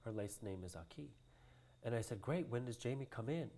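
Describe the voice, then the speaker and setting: A man's voice: medium pitch, animated, a little fast, warm tone. A man telling a story in a casual interview, laughing often and acting out the voices of the people he quotes. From Hawaii. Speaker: guest, cultural practitioner.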